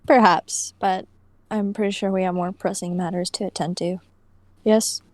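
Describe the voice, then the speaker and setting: A woman's voice: mid-range voice, steady tone, normal speed, no room sound. A woman playing a tabletop game, speaking in character with a wry, understated manner. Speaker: player.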